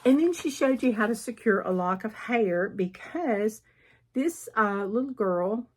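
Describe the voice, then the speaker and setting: Husky-voiced Southern woman, chatty. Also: on the high side, expressive, measured pace. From southern United States. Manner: chatty and rambling, often clearing her throat. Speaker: cross stitch vlogger. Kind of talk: casual chat showing needlework projects.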